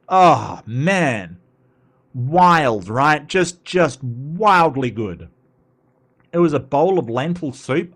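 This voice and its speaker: A man from Western Australia with an Australian accent, hosting a casual livestream and chatting with viewers in a rambling way full of asides. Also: a little high. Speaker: host reading live chat.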